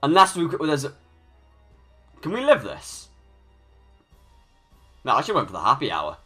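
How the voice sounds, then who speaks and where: A young man commenting live on his own gameplay with a lively, swooping delivery. His voice is bright and forceful. He talks his moves through aloud, stumbling and restarting, and rants in frustration. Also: mid-range voice, a little slow, breathy edge, faint music behind. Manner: thinks aloud, restarts often, rants when annoyed. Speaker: gaming YouTuber.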